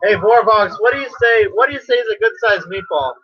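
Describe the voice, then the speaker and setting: Crude high-voiced rambling man. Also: expressive, fast talker, breathy edge, no echo. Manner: vulgar, boisterous, rambling. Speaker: prank video personality. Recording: dull lo-fi recording.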